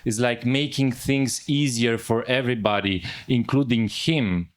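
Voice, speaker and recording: A man's voice: mid-range voice, unhurried. Earnest man talking casually. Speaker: father in a spiritual community. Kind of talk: casual conversation.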